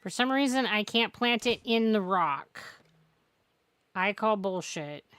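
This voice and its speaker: Bright-voiced woman rambling while gaming. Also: medium pitch, lively intonation, slow pace, smooth, dry recording. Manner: rambling, joking, profane. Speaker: game streamer. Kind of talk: casual gameplay commentary.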